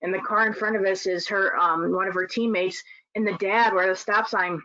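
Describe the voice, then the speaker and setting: A middle-aged woman who coaches, speaking earnestly in a casual webinar talk, often pausing to say um. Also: mid-range voice, steady tone, pushed and bright, dry recording. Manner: earnest, with frequent ums and restarts. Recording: dry, muffled call audio.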